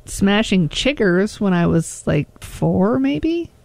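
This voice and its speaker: A woman's voice: mid-range voice, big pitch swings, slow pace, gravelly, darkish tone, no room sound. A woman co-hosting a call-in radio show, chatting casually and reading listener texts aloud. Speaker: radio co-host. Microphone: studio microphone.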